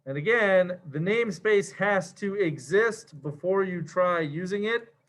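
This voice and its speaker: A man's voice: high-pitched, measured pace, fairly bright tone. A man teaching a programming lesson in a casual, slangy way, with many fillers as he walks through code. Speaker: programming instructor. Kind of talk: screen-share coding lecture.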